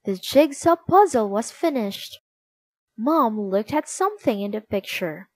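A woman reads a children's storybook aloud, slow and expressive. Her voice is fairly high, with plenty of movement in pitch. The recording is close and dry. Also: dry recording. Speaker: narrator.

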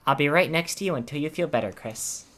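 A gentle young goat prince from a video game, as a gamer reads his lines. He speaks calmly and reassuringly. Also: mid-range voice, fast, lightly acted. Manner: calm, reassuring.

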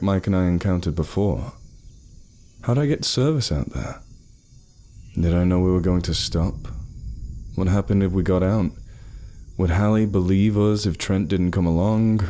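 A man narrating a horror story in an expressive, storytelling way. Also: sits low.

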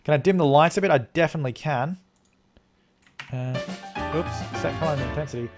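With soft background music behind him, an Australian man streams a game live in a brisk, fairly high voice. His rambling commentary follows his thoughts as he plays, and he thanks viewers for donations.

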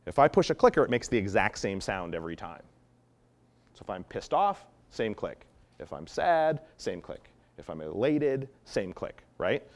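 Guy teaching dog training, lowish voice, super animated, swings up and down a lot. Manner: animated, demonstrates voice tones. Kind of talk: instructional talk.

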